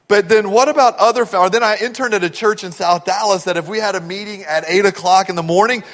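A man from Texas delivers a sermon in a high, bright voice. He tells stories animatedly and keeps asking the congregation questions. His words trail off into the long reverb of a large church hall. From Texas, USA. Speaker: pastor.

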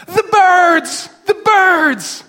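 A man voicing a frantic, sobbing little girl with high wailing cries. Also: expressive, drawn-out words, sharp tone, exaggerated voice. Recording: long hall reverb.

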